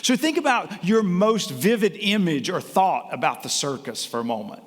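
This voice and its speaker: A man with a North Carolina accent giving a motivational keynote talk, animated and acting out the voices of his audience. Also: sits high, normal speed, hardly any pauses. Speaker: keynote speaker. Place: conference hall before a live audience. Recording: reverberant hall.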